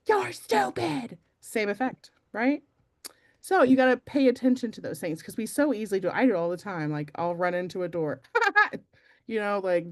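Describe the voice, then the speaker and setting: A young adult woman giving a casual, chatty motivational talk to her team, self-deprecating and full of fillers. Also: medium pitch. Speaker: team meeting speaker.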